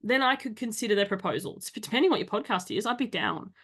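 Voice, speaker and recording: A woman's voice: medium pitch, expressive, fast, a bit bright. Blunt Australian woman podcast host. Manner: blunt and exasperated, swears casually. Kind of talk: casual podcast conversation.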